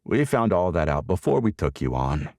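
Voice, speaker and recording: A man playing a deadpan, wry dad. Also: low-pitched, normal speed, dry recording, studio quality. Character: dry-humored middle-aged adoptive father. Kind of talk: audiobook character voicing.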